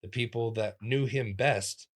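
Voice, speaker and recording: A man, a comedian, telling stories in a casual interview, animated and acting out the voices of people he quotes with sudden jumps in pitch. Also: unhurried. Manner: talks in restarts and fillers, lively physical-comic energy. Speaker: comedian guest.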